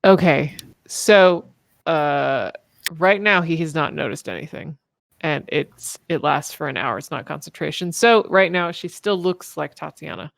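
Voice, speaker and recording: A woman's voice: deep voice, animated, measured pace, creaky, no echo, studio quality. A woman narrating as game master of a tabletop game, rambling with lots of fillers and laughter.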